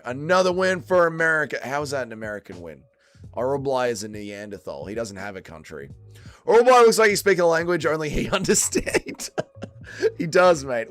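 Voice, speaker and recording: A man's voice: on the low side, a bit bright. A man hosting a fight watch-along stream, swearing a lot and bantering with his chat. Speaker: livestream host.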